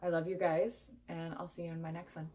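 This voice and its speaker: A woman's voice: on the low side, little pitch movement, fairly quick, mellow. A young woman vlogger chatting candidly to her viewers, with plenty of fillers. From United States. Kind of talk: casual chat.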